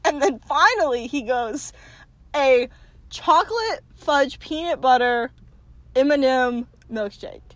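A woman's voice: high voice, lively intonation, takes it slowly, no room sound. A young woman co-hosting a casual podcast in a car, teasing and telling stories with lots of laughter. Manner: giggly, teasing, dramatic storytelling. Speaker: podcast co-host. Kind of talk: casual chat. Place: in a parked car.

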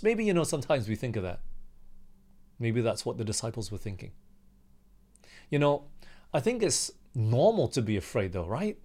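A man's voice: mid-range voice, very animated, normal speed, pauses often, darkish tone. Conversational man leading a Bible study. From Australia. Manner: conversational, asks the listener questions, acts out quotes. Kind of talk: sermon-style Bible study talk.

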